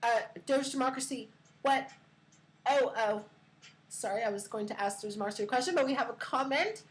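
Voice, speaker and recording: Giggly high-voiced woman streamer. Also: a little fast, low-quality recording. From California. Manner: giggly, filler-heavy. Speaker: live stream host. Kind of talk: casual live stream chat.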